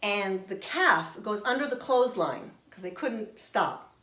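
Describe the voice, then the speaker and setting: A middle-aged woman telling a personal story in an expressive, animated way. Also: medium pitch, a little slow. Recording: roomy echo.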